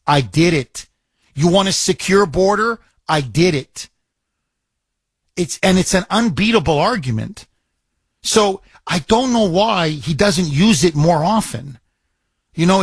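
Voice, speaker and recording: A man hosting a call-in talk radio show from the studio, his voice sitting a little high. He talks emphatically, hammering points with repeated lines and rhetorical questions. The sound is close and dry. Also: husky, no room sound. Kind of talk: talk radio, taking calls.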